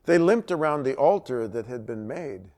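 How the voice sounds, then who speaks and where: Leading a church Bible study, a man retells a scripture story with lively delivery at normal speed. His voice sits mid-range for a man, and his pitch rises and falls a great deal.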